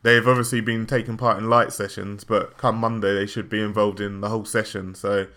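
Low, bright-toned podcast panelist. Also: male voice, flat delivery, fairly quick. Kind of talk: casual football podcast chat.

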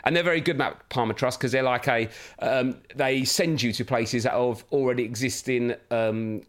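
A man, hosting a casual chat and telling animated stories about his kids. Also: mid-range voice, moderate pace. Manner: animated storytelling, puts on his kids' voices. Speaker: podcast host.

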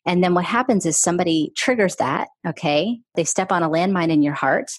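A woman's voice: fairly low pitch, a little fast, no echo. A middle-aged woman, a guest author on an interview, telling her own story in an earnest, candid way. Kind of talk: conversational storytelling.

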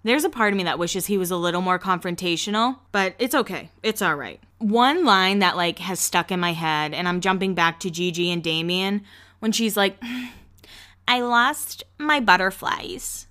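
A woman with a lowish, slightly bright voice hosts a podcast recapping reality TV. She chats and gossips casually, tossing in quick asides.

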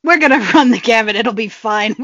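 A woman's voice: on the high side, fairly quick, a bit bright, no room sound, dull audio. Wry woman chatting on a podcast. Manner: wry, joking, stumbles over words. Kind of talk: casual chat.

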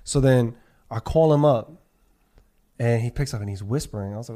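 On a casual podcast, a man tells a long story with lots of swearing and acted-out quotes, speaking at medium pitch and a brisk pace. He's animated and profane, repeating himself within the dialogue he quotes.

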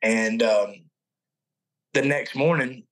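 A man in his forties, a podcast guest, telling his personal faith testimony in an earnest, halting way, full of restarts. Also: medium pitch, low-quality recording.

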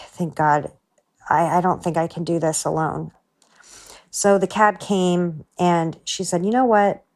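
Woman, low voice, sincere first-person storyteller. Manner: earnest, heartfelt retelling, drops to a hush for inner thoughts. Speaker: story contributor.

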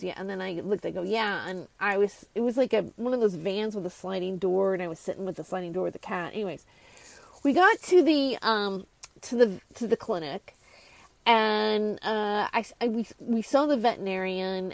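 Woman host, casual solo monologue, rambling with restarts, gravelly, dry close mic. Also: mid-range voice, a little mellow, dry recording, poor audio. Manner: rambling, with many restarts and asides. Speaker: channel host.

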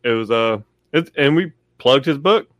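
A man's voice: mid-range voice, animated, normal speed, a bit bright, dry recording, clean studio sound. A man co-hosting a casual live chat, telling stories with chuckles and jokes. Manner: chuckling, joking storyteller. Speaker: co-host.

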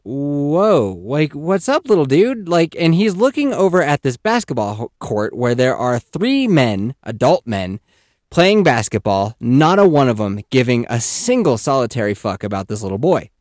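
A man in his thirties tells a rambling personal story as a podcast host, casual and animated, dropping swear words and breaking into little character voices. His pitch swoops up and down freely as he talks. The sound is close and dry, with no room echo. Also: moderate pace.

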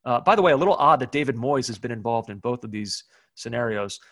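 A man co-hosting a casual sports podcast, recapping news with restarts and quick laughs. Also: medium pitch, lively intonation, fairly bright tone, dry recording, clean studio sound. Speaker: podcast co-host.

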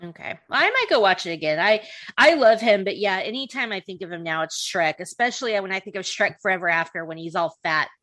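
A woman chatting on a podcast, her pitch swinging widely as she talks. She is blunt and quick to laugh, and the sound is dry. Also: no echo. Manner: animated, laughing often, blunt. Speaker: podcast co-host. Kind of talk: casual chat.

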